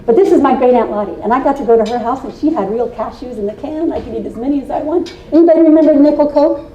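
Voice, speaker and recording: A woman's voice: high-pitched, fast talker, warm tone, dull audio. A woman in her sixties from Indiana, giving a storytelling keynote to a live audience in a folksy, playful and confiding way, with teasing asides to the crowd. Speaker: keynote speaker. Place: meeting room with a live audience. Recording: roomy hall from a distant mic.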